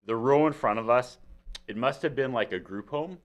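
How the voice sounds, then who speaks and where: A man's voice: medium pitch, normal speed. A Canadian man with a Canadian accent, hosting a casual podcast chat and telling stories with acted-out quotes. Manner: animated storyteller, acts out quotes. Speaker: podcast host.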